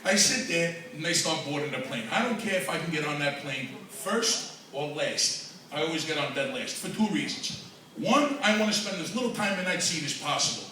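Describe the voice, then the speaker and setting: Brash New comic, echoey room. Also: male voice, a little high, lively intonation, moderate pace, pushed and bright. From New York. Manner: brash, profane, self-mocking. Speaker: stand-up comedian. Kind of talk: stand-up comedy set. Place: comedy club open mic, large room. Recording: echoey room from far off with noise.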